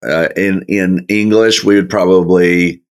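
Man, Bible study teacher, slow, casual asides, deep voice. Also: steady tone. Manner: slow, folksy, chuckling asides.

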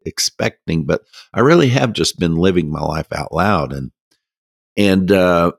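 A man telling a folksy story in a casual interview, halting with many restarts and laughing at himself. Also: low-pitched, animated, creaky, slightly rough, no room sound, clean studio sound. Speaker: guest.

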